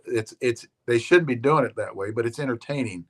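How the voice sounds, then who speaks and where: A man's voice: medium pitch, fairly quick. A man in casual chat as a regular guest on a live show. He rambles in a laid-back way, swears casually and often repeats his words.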